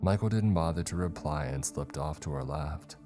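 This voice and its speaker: A man narrating a first-person horror story in a measured, atmospheric way. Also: very deep voice, darkish tone. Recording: faint music underneath.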